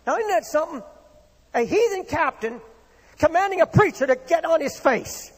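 A man's voice: very high voice, animated, normal speed. A man preaching a sermon with impassioned, rising and falling delivery, in a church hall. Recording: long reverb of a hall.

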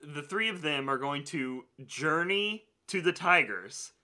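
A man's voice: on the high side, lively intonation, measured pace, pushed and bright. A man co-hosting a casual movie chat podcast, swearing freely and laughing often. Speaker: podcast co-host.

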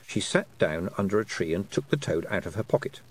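A man narrating a children's fantasy audiobook, with an expressive storytelling delivery. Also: deep voice, brisk, low-quality recording. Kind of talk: scripted narration.

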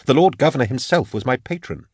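A man's voice: fairly low pitch, big pitch swings, normal speed, dry recording, studio quality. A man voicing a meek, frightened middle-aged male scholar in an audiobook, with a thin, reedy, nervous voice. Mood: defensive. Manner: nervous, pleading. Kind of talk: audiobook character voice.

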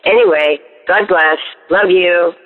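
Thankful male caller, slightly high voice, tinny line with reverb. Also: slow. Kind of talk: phoned-in voicemail.

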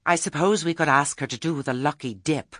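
A man voicing a prim, resentful committee lady in an audiobook, fussy and a little raised in pitch, with a husky voice. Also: brisk, fairly bright tone, dry recording, clean studio sound.

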